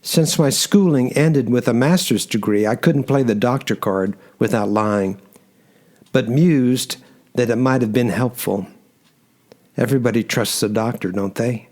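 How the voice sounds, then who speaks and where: A man reading a first-person story aloud in a measured storytelling manner. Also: mid-range voice, a little mellow. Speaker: narrator. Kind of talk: first-person audiobook narration.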